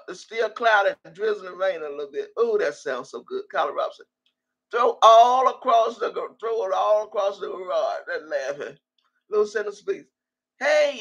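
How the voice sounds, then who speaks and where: Gravelly, husky older woman chatting loosely. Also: medium pitch. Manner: loose and salty, laughs often, reads comments aloud. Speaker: livestream host reading viewer comments. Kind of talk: casual livestream chat.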